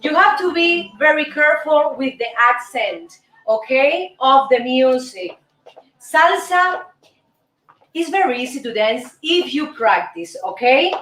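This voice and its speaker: A woman's voice: high voice, lively intonation, measured pace, fairly bright tone. A woman hosting a live dance lesson, upbeat and instructive, counting the steps aloud. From Cuba. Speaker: host and dance teacher. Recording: echoey room with music playing.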